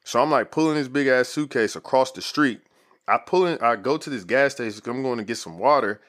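A man's voice: mid-range voice, brisk, a bit bright. A man in his thirties telling a story in casual, slangy talk full of "like" fillers. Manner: laid-back, slangy, lots of "like" fillers.

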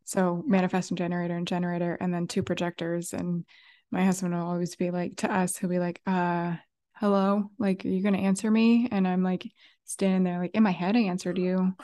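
A woman co-hosting a casual chat, relaxed and laughing as she shares stories from home. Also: lowish voice, a little fast. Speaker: podcast co-host.

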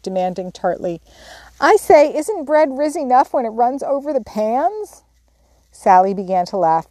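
A woman reading a classic novel aloud as an audiobook narrator, in a steady, measured storytelling voice. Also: on the low side, dry recording. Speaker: audiobook reader. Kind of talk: scripted narration.

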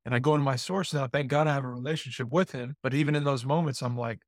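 A man of middle pitch talks about prayer in loose, halting bursts, stumbling over and repeating his words. His voice is recorded close and dry. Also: fairly even intonation, dry recording. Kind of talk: casual faith conversation.

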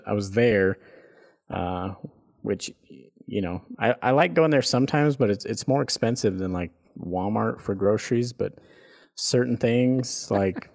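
A man's voice: fairly low pitch, vocal fry, a little mellow. A man co-hosting a podcast, telling a rambling, profane story in casual chat and laughing as he goes. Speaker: podcast co-host.

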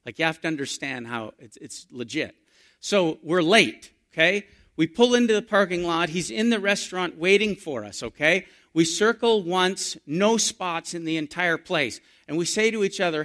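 Middle-aged man, pastor, animated storytelling sermon, bright tone. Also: sits high, moderate pace. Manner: storytelling, animated, rising to excited emphasis.

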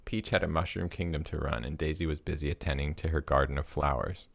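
Pria bersuara sangat berat dan serak. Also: male voice, extremely low pitch, steady tone, fast talker, vocal fry, no room sound. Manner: laughs while reading, lots of fillers in chat. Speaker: podcast co-host. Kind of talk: reading a story aloud, then casual chat.

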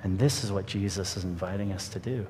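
A man's voice: fast, darkish tone. A man giving an earnest, reflective sermon as a pastor, telling a story to his congregation. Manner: earnest, reflective preaching with a story read aloud. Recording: reverberant hall with faint rumble.

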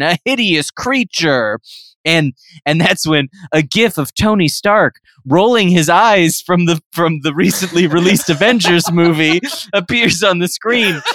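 A man's voice: a little high, sharp tone, clear, resonant tone, no echo. A man co-hosting a comedy podcast, narrating an absurd story in a playful way. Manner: playful, breaks into laughter while narrating. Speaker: podcast co-host.

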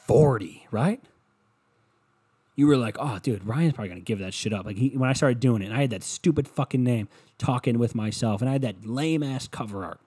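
A man's voice: medium pitch, a little mellow, slightly rough. A young man hosting a solo comedy podcast, rambling crudely and self-deprecatingly while acting out other people's voices. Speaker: podcast host.

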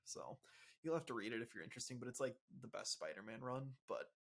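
A young man co-hosting a casual podcast explains comic plots in a loose, rambling way packed with fillers. His mid-range voice is creaky and a bit bright, with lively intonation and a quick pace.

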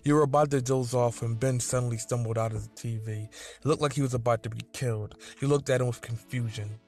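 A man's voice: medium pitch, fairly even intonation, a little fast, darkish tone. Man reading a fan story over music.

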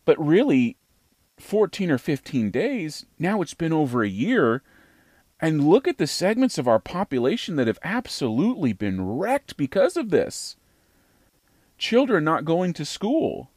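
A man's voice: on the high side, wildly swooping pitch, unhurried, darkish tone, no room sound, studio quality. An American man hosting a podcast, giving an opinionated monologue in an emphatic, rhetorical way that repeats phrases for effect. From United States. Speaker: podcast host.

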